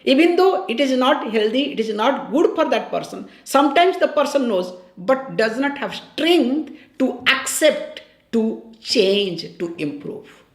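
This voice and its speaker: A woman with a high, light voice gives a spiritual teaching on scripture. She talks conversationally, pausing to check that her listeners follow and restating her key phrases. The sound is roomy, with a clear echo around her. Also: animated. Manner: corrects and repeats key phrases. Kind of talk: scripture discourse.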